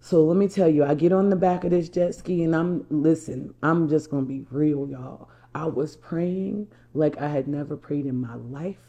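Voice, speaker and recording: A woman from New Jersey speaks as a life coach with a low, mellow voice. She tells a personal story straight to her viewers, stressing her points and circling back over her words. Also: normal speed, few pauses, muffled recording. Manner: emphatic, repeats herself, addresses viewers as y'all.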